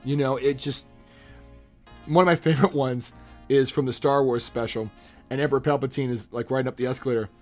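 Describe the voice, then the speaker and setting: A young man chatting casually on a live stream, animated, laughing often and slipping into quick impressions. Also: medium pitch, faint music behind.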